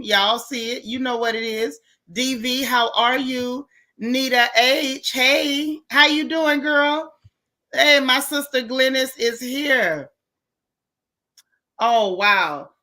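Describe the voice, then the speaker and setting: A woman hosting a casual livestream, greeting viewers one by one in relaxed, slangy chat. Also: fairly high pitch. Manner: warm, chatty, Southern American slang, greets viewers one by one. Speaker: livestream host.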